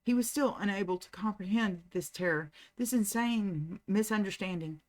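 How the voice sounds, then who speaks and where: A woman reading a novel aloud at a steady, unhurried pace, as the host of a reading channel. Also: medium pitch.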